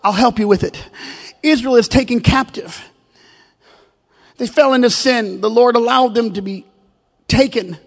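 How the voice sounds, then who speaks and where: A man's voice: extremely high pitch, a little slow, pauses often. A male pastor preaching a fervent sermon in a church sanctuary. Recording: long hall reverb.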